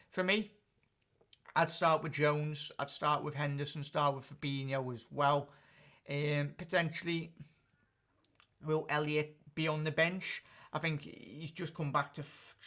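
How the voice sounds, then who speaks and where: A man's voice: fairly high pitch, a bit bright. A man hosting a live-stream football chat as a fan channel host, chatting and answering viewer comments directly.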